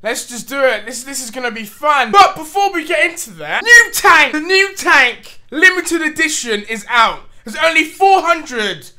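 A young man hosting a reaction video, excitable and loud, with shouted outbursts and swearing. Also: very high voice, normal speed, hardly any pauses.

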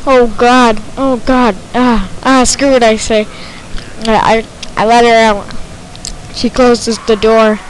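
Woman, let's play commentary, slow talker, jittery and excitable. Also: fairly high pitch, a little hiss or hum, rough recording. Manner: jittery, excitable, repeats herself when tense. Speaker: gameplay commentator.

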